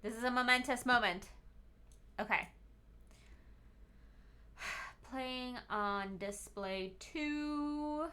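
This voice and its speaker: A woman's voice: on the high side, extremely slow, long pauses, pushed and bright. A young woman chatting casually to viewers on a live stream, tired and rambling, with bursts of bubbly squealed greetings.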